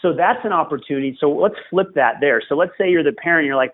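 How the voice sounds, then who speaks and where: A man's voice: fairly high pitch, fast talker, hardly any pauses. A man, a tennis coach, giving earnest and emphatic advice as a podcast guest, repeating phrases for stress. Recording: tinny phone-like remote line.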